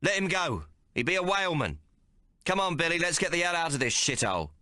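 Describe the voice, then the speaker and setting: A man voicing a cheeky young male card sharp who talks in rough, colloquial frontier speech. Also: on the high side, big pitch swings, fairly quick, no room sound, studio quality, pitched above the performer's own voice. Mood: defiant. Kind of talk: audiobook character voice.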